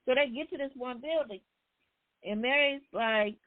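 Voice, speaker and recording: A woman's voice: on the high side, normal speed. A woman hosting a book discussion, casually retelling a story in with loose, conversational phrasing. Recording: tinny phone line.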